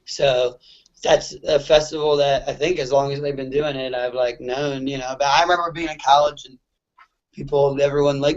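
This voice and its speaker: A man's voice: mid-range voice, steady tone, normal speed. A young man from the Philadelphia suburbs, chatting loosely as a guest musician, with lots of fillers and swearing. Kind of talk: casual interview chat. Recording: muffled lo-fi audio.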